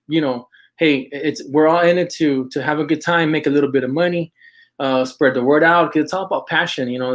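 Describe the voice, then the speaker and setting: A middle-aged man talks casually on a livestream, his voice sitting at an ordinary middle pitch. He rambles and stops to restart his sentences as he goes. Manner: rambling, halting, full of restarts and fillers. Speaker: host of an outdoors apparel and magazine show. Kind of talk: casual livestream talk with shout-outs.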